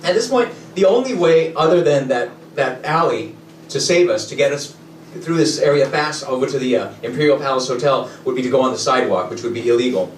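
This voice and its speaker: A man telling a funny personal story in an animated, chuckling way, moving between narration and quoted dialogue. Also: medium pitch, fairly quick. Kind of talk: live comic storytelling. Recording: echoey and distant with loud ambient noise.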